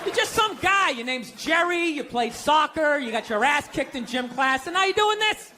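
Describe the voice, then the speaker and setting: A man doing a stand-up comedy set on a large stage, ranting sarcastically with lots of swearing and punchy, animated delivery. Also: very high-pitched, moderate pace, noisy background. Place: large stage before a live audience. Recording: live show, loud crowd laughter.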